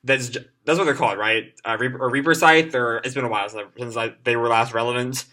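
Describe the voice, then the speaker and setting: A man's voice: medium pitch, fairly even intonation, fast, bright, forceful tone. A man casually reading a comic aloud live and reacting to it in a chatty way, with lots of fillers. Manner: chatty, many fillers, reads the lines aloud.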